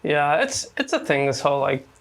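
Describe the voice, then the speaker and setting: Male co-host, gravelly and animated, blunt one-liners. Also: on the high side, moderate pace. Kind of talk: casual office banter.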